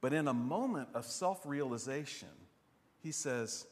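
A man preaching a sermon in an animated, rhetorical way, often asking "right?". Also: medium pitch, unhurried. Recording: long hall reverb.

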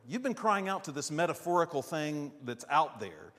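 A man preaching a sermon in an animated, rhetorical way, often asking "right?". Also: a little high, moderate pace. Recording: long hall reverb.

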